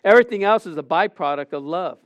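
A man's voice: sits high, lively intonation, fast talker, dry recording, clean studio sound. A middle-aged man preaching a sermon, questioning the congregation and acting out stories.

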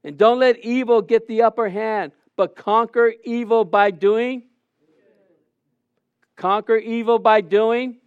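A man's voice: high voice, steady tone, takes it slowly, clean tone, dry recording, muffled recording. A middle-aged man preaching a sermon, questioning the congregation and acting out stories.

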